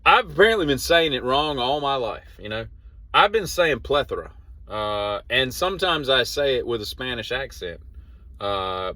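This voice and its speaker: A man in his forties with a drawl talks through a loose daily monologue. His voice sits low but swings up and down a lot as he goes. He wanders, restarts and corrects himself with a wry edge. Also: bright, forceful tone. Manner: meandering, self-correcting, wry storyteller. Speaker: host of a daily show. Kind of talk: casual rambling monologue.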